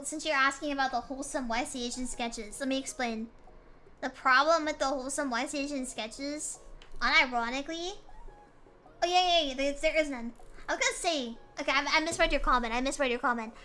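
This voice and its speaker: A woman's voice: sits high, fairly quick, sharp tone. A woman streamer chatting casually with her viewers, complaining in a playful, mock-dramatic way.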